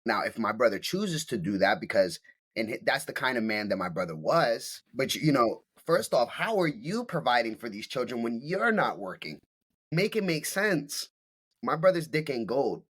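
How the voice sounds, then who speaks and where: A man's voice: mid-range voice, sing-song, moderate pace, fairly bright tone, husky. A man speaking as a podcast guest, telling a story bluntly and emphatically, with plenty of swearing. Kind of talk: casual storytelling.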